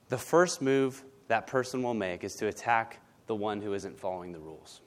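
A man's voice: fairly low pitch, normal speed, hardly any pauses. Blunt, conversational male preacher. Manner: blunt, conversational, tag questions. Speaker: pastor. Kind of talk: sermon.

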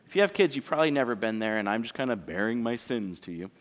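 A man's voice: mid-range voice, lively intonation, fast talker. A man in his thirties, a pastor preaching a sermon in church in a conversational, joking way, asking his congregation rhetorical questions.

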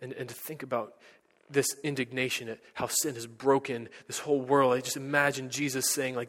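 A man preaching a sermon as pastor, earnest, building to emphatic peaks and dropping to hushed lines. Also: medium pitch, flat delivery, a little fast. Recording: long hall reverb.

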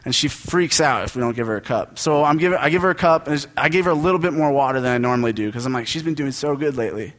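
A man's voice: mid-range voice, racing, few pauses, fairly bright tone. A young adult man, a pastor, giving a casual sermon built on personal stories, joking and conversational with lots of asides.

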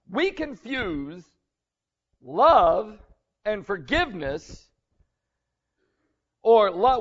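Casting: male pastor, fairly high voice, earnest conversational sermon, slightly muffled recording. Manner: earnest, conversational preaching with rising emphasis.

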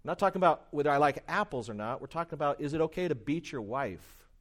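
A man preaching a sermon, emphatic, repeating his key questions and swinging between loud stresses and quiet asides. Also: fairly high pitch, expressive, quick pace.

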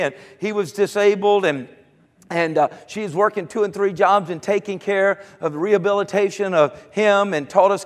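A man's voice: high voice, a bit bright, long reverb tail. A male preacher giving a sermon, telling homely stories and building to fervent declarations. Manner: folksy storytelling, rising to fervent declarations.

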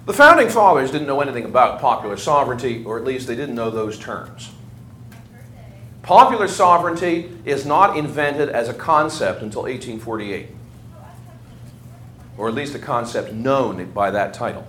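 A man's voice: medium pitch, expressive, moderate pace, sharp tone. A man giving a conversational history lecture to a class, asking his students questions as he goes. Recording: echoey room, faint ambient noise.

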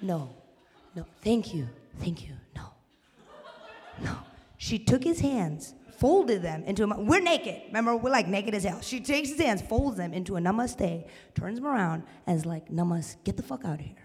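A woman performing a stand-up comedy set, animated and breaking into loud shouted bits. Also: medium pitch, normal speed. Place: live comedy venue with audience. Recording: live room with long reverb.

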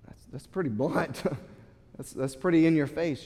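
Emphatic high-voiced preacher in a reverberant hall. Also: male voice, unhurried, a little mellow. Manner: emphatic preaching with repeated words and restarts. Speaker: pastor. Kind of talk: sermon. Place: church sanctuary.

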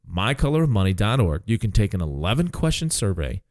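Older guy financial host, low voice, emphatic, keeps going "okay?". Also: sing-song, a little fast, a little mellow, no room sound. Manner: emphatic, punctuates points with "okay?". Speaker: financial advisor and show host. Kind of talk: casual financial talk show.

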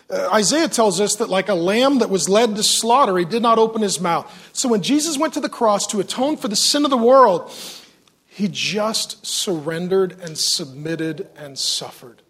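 A man preaching a sermon in a lively, joking way, often asking the audience questions. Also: sits high, moderate pace, breathy edge. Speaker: pastor.

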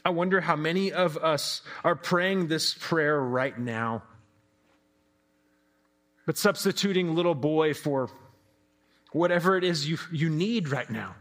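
A man delivers a devotional sermon in an easygoing, reflective tone, his voice sitting on the high side for a man. He speaks conversationally, slipping in casual fillers and turning often to rhetorical questions for his listeners. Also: unhurried, long pauses, fairly bright tone. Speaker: preacher.

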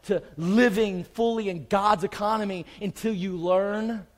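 A man preaching a sermon as pastor, swinging from urgent, raised emphasis to quiet, soft reassurance. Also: sits high, steady tone, measured pace, in a large hall, poor audio.

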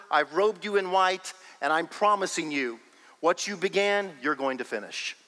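Emphatic preacher in a bright, reverberant hall. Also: male voice, a little high. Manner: emphatic, animated preaching with bursts of laughter. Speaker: pastor. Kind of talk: sermon.

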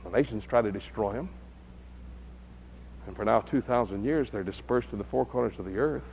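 A man teaching a Bible study lesson, who builds to loud, high-pitched emphasis. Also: lively intonation, normal speed, slightly rough, phone-quality sound.

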